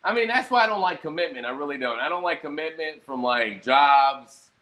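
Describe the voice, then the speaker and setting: A young man in a loose, profane ramble, tired and a bit hungover. His voice sits somewhat high and swings widely as he tells his stories. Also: brisk. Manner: profane, rambling, animated storytelling. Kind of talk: casual rambling monologue.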